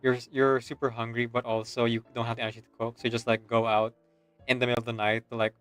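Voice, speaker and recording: A man's voice: medium pitch, flat delivery, quick pace, fairly bright tone, faint music behind. A man streaming a game, telling a rambling, self-mocking story and laughing often. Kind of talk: casual gaming stream chat.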